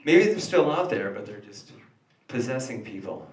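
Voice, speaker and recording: A man's voice: medium pitch, big pitch swings, normal speed, crowd noise. A man doing a one-man comedy show on a cafe stage, rambling and joking. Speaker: stand-up comedian. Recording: echoey cafe from far off.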